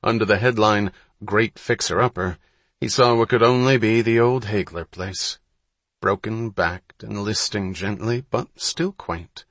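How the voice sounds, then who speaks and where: A man reading an audiobook in a measured, unhurried storytelling manner. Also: fairly low pitch, fairly even intonation, a bit bright, no room sound. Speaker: audiobook narrator. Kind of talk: scripted narration.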